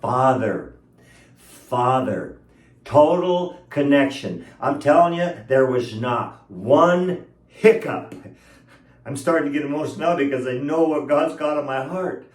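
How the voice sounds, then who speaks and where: A man's voice: fairly high pitch, measured pace, reverberant, far from the mic. A man preaching a sermon with emotional, emphatic delivery, stretching out key words and chuckling between points.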